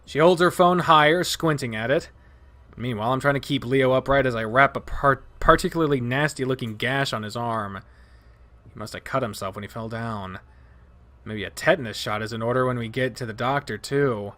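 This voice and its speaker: A man reading a visual novel aloud in a middle-pitched voice. His delivery is expressive and dramatic, and he breaks in now and then with his own asides. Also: a little fast. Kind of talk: narrating a game aloud.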